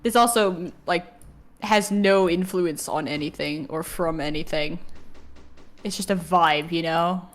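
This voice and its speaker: A woman's voice: on the low side, unhurried, soft background music. A woman co-hosting a live stream in casual chat, rambling with restarts and the odd swear.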